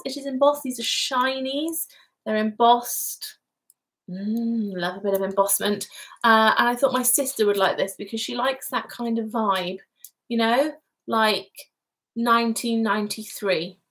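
A woman's voice: fairly high pitch, poor audio. Chatty, giggly woman vlogger. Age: adult parent. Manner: chatty and giggly, rambling asides. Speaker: vlogger hosting a live craft stream. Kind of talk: casual live chat, reading viewer comments.

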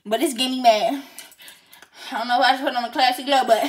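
A young woman vlogger scolding loudly and theatrically in an animated prank rant. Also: sits high, fast, a little hiss or hum. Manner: scolding, loud and theatrical, frequent shouting.

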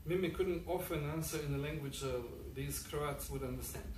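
A man reading his own fiction aloud at a public event, halting with frequent fillers. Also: on the high side. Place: event hall. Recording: echoey room, distant mic, faint noise.

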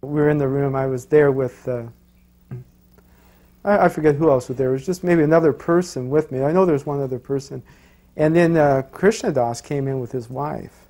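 A man's voice: mid-range voice, moderate pace, dark tone. A man recalling past events in a loose, rambling way, full of "you know"s and restarts. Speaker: interviewee recalling his guru. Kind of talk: casual storytelling.

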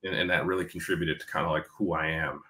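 A man's voice: very deep voice, steady tone, fast talker, bright, forceful tone, echoey room. A man in his forties from New York, talking candidly and casually as an interview guest, with a mostly neutral American accent and a faint Black New York tinge. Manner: candid, profane, laughs easily, many fillers.

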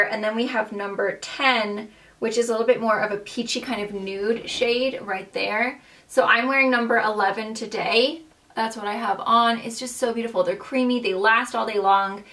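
A woman's voice: medium pitch, fairly bright tone. A young woman talks through her favorite makeup finds, gushing and bubbly, with plenty of "like" and "um" between thoughts. Her voice sits in a middle register and sounds a little far from the microphone. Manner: gushing, bubbly, many "like" and "um" fillers. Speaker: beauty vlogger. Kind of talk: casual monthly favorites chat.

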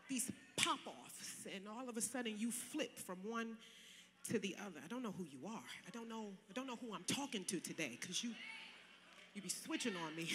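A woman pastor preaching a sermon in a casual, colloquial way, swinging from loud shouting to soft, chatty asides. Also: mid-range voice, big-room sound, a little hiss or hum. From Connecticut, USA. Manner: casual, colloquial preaching with direct address to the congregation. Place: large church sanctuary.

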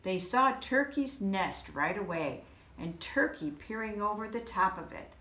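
Woman storyteller, slow, animated delivery, roomy echo. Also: mid-range voice. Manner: expressive, unhurried. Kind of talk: children's story reading. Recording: echoey room.

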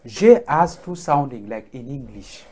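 A man teaching pronunciation, speaking slowly and haltingly with many fillers and repeated drill words. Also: medium pitch, lively intonation, warm tone. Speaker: French teacher. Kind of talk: classroom lesson on the alphabet.

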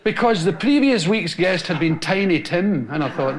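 Scottish male comic, high, sing-song delivery, rambling live stand-up. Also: moderate pace, hardly any pauses, a loud crowd. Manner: animated, rambling anecdotes with audience laughter. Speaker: stand-up comedian. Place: television studio with a live audience. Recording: loud hiss on an old TV recording.

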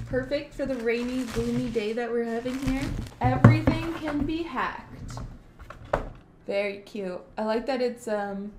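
A woman's voice: a little high, heavy background noise. A young adult woman streaming live, chatting casually with her audience in a gushing, effusive way and swearing now and then.

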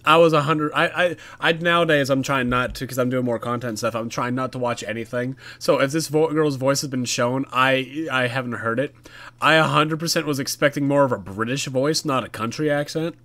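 Brisk and sharp-toned, a man with a mid-range voice commentates casually while playing a horror game. As a gaming YouTuber, he keeps it chatty and jokey, answering the characters on screen.

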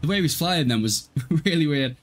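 Here the Hull man's voice is a little high, expressive and brisk, with slight noise behind it. He's livestreaming a game and chatting informally with his viewers, laughing often and cursing freely, a native of Hull in East Yorkshire, England.

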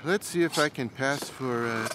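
A man's voice: mid-range voice, normal speed, heavy background noise, close to an everyday voice. A man voicing a lazy, sarcastic adult male house cat in a cartoon, with a dry, self-satisfied manner. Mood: scheming. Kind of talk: cartoon voice acting. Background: cartoon background music.

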